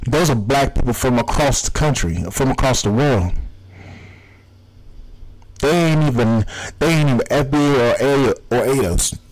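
An American man records a solo podcast episode as a furious, cursing rant. His voice sits at an ordinary middle pitch, and he hammers his points in a heated, confrontational way. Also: moderate pace, pauses often, darkish tone, poor audio. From United States. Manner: heated, profane ranting. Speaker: podcast host.

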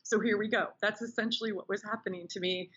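A woman's voice: medium pitch, quick pace, breathy edge, dull audio. A woman talking as a podcast guest, telling personal stories with enthusiasm in a casual interview. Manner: enthusiastic, animated storyteller.

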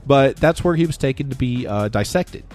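A man's voice: medium pitch, animated, moderate pace, a little mellow, faint music behind. A man co-hosting a podcast, joking around while telling a story in casual chat. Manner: joking, wisecracking. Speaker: podcast co-host.

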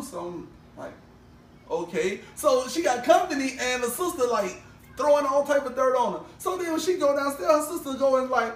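A man's voice: very high-pitched, fairly quick, a little hiss or hum. A young man co-hosting a casual podcast, telling a long story and acting out every quoted voice. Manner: animated, acts out every quoted voice. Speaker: podcast co-host. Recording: roomy, distant mic with faint ambience.

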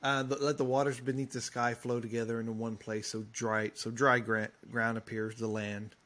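A man's voice: mid-range voice, little pitch movement, moderate pace, a bit bright. A man in a casual Bible study conversation, reading verses plainly and reflecting in an easygoing way. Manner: easygoing, reads verses plainly, brief agreements.

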